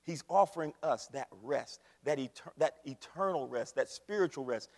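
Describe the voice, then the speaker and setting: A man preaching a sermon to his church, swinging between loud, shouted exclamations and hushed, whispered appeals. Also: fairly high pitch, expressive, normal speed. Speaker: pastor. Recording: long hall reverb.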